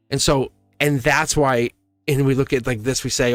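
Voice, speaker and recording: A man of middle pitch talks loosely to viewers during a live tarot reading. He rambles and laughs often, and faint music plays behind him. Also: steady tone, quick pace, no room sound. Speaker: tarot reader hosting a live stream. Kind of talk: casual live-stream chat.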